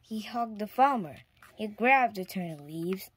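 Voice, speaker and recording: Slow, gentle woman reading a storybook. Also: medium pitch, animated. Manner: slow, clear storytime reading, slips into whispers. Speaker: storybook reader. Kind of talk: reading a children's picture book aloud.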